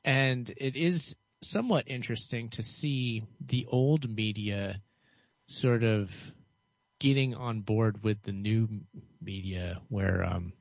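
A man talking alone to camera in a cynical, rambling way, with a dull monotone voice and lots of fillers and restarts. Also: fairly low pitch, slow pace, vocal fry, no room sound. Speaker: vlogger. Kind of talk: rambling solo commentary. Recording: dull lo-fi dry recording.

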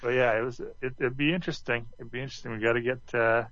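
Co-host, male, easygoing and agreeable, mid pitch, dull dry recording. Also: steady tone, racing, fairly bright tone, no room sound. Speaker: podcast co-host. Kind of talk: casual chat.

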